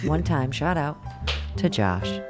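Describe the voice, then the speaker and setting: A woman's voice: low-pitched, animated, takes it slowly, over music. A woman co-hosting a comedy podcast, playful and teasing in casual banter. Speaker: podcast co-host.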